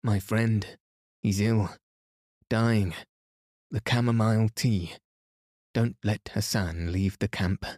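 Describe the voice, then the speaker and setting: A man's voice: fairly low pitch, fairly even intonation, takes it slowly, long pauses, darkish tone, no echo, studio quality. A man reading aloud as an earnest, eager male companion of a detective. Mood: urgent. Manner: earnest, urgent in alarm.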